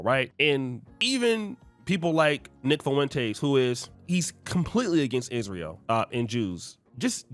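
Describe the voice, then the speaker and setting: A man hosting a commentary video, talking in a conversational, animated way with many fillers. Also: medium pitch, no echo. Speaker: commentary host. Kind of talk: commentary on online feuds.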